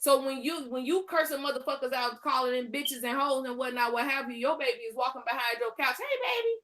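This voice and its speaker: A woman's voice: sits high, fairly even intonation, fast talker, a bit bright. A woman co-hosting a live stream, delivering heated, profane commentary with cutting, boastful comebacks.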